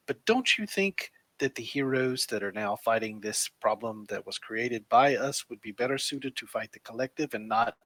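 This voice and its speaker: A man's voice: medium pitch, lively intonation, normal speed, hardly any pauses, a bit bright, no echo, poor audio. A man playing a druid character in a tabletop game, speaking earnestly and directly. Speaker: player. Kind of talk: tabletop role-play.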